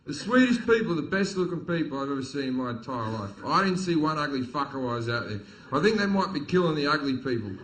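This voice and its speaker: Brash, bright-voiced comic. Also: male voice, fairly high pitch, very animated, quick pace, few pauses, a little hiss or hum, rough recording. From Australia. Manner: profane, blunt, swaggering delivery with acted quotes. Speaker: stand-up comedian. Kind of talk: stand-up comedy storytelling. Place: live comedy venue with audience.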